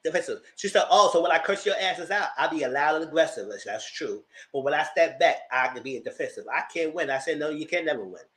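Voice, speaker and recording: A man's voice: a little high, expressive, a little fast, few pauses, a bit bright. A man giving a casual, sassy live review of reality TV, slangy and acting out the cast's lines as he goes. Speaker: TV reality show commentator.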